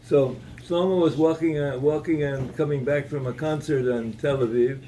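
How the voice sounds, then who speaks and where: A man giving a Torah talk at an evening gathering, telling a story in a halting way, with many repeated words and restarts. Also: a little high, fairly even intonation, mellow, far from the mic, a little hiss or hum, rough recording.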